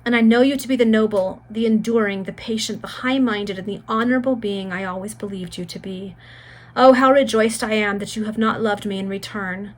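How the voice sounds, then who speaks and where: A woman's voice: medium pitch, a little fast, natural voice. A frail young maiden on her deathbed speaks with earnest, rising fervour, read by a woman. Her lines come in a plain storybook reading voice, tender and prophetic. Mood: fervent.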